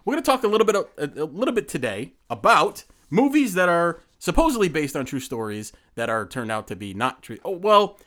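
A man co-hosting a podcast, rattling along quickly with a lively, swinging pitch. He rambles and jokes, often restarting his sentences. The feel is relaxed, casual talk. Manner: rambling, self-interrupting, joking. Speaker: podcast co-host. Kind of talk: casual chat.

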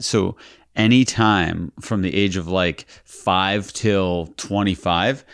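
A man's voice: lowish voice, dry recording, clean studio sound. A man in his thirties co-hosting a podcast, laid-back and wry, poking fun at himself. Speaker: podcast co-host. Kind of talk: casual chat.

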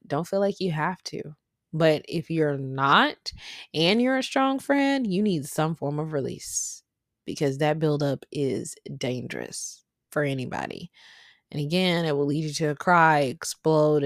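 Low-voiced woman, candid podcast talk. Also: moderate pace, no room sound, studio quality. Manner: conversational, animated storytelling with laughs. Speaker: podcast host. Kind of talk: candid personal monologue.

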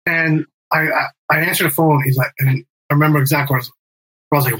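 A middle-aged band member and music manager, appearing as a guest, tells a story in casual interview talk, rambling and circling back with fillers and restarts. He swears freely and acts out quotes in a bright, slightly raised, husky voice that's steady and fast, on a rough recording.

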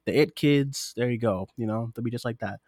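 Man, twenties, podcast co-host, animated, quick asides, dry close mic. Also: mid-range voice, dry recording. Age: 20s. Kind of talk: casual chat.

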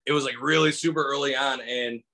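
A man from Michigan, a comedian, telling a story in casual conversation with lively acted-out voices and lots of fillers. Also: mid-range voice, a little fast, creaky. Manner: animated, acts out voices in anecdotes, many fillers. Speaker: stand-up comedian guest.

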